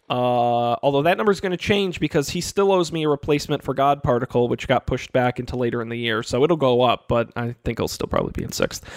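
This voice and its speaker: A man co-hosting a casual podcast, animated and playfully sarcastic as he reads out standings. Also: a little high, dry recording, clean studio sound. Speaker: podcast co-host.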